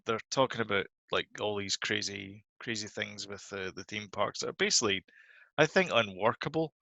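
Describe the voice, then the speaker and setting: A man's voice: fairly low pitch, normal speed, vocal fry, bright, forceful tone, no echo. A man co-hosting a podcast, chatting casually and laughing easily. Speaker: podcast co-host. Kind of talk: casual chat.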